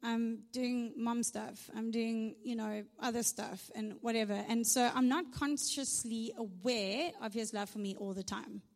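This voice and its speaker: A South African woman with a somewhat high, gravelly voice preaches a conversational sermon at a measured pace, barely pausing and keeping her intonation fairly even. The large church hall gives her voice a long reverb tail, and she chats with the room, using "right?" and humorous asides.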